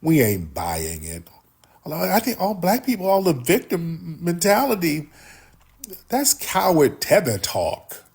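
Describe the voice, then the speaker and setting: A man hosts a livestream with blunt, profane, heated commentary. His voice is husky and a little rough. His pitch swings widely as he rants at his viewers. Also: huge pitch swings, measured pace, a little mellow. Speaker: livestream host.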